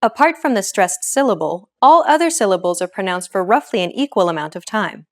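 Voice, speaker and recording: A woman presents a pronunciation lesson in clear, scripted narration. She explains each point in a steady, encouraging way, at a medium pitch. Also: brisk. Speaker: language lesson host.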